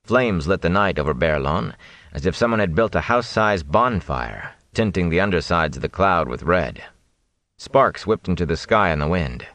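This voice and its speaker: A man narrating a fantasy audiobook with dramatic, expressive storytelling. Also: sits low, normal speed, no room sound.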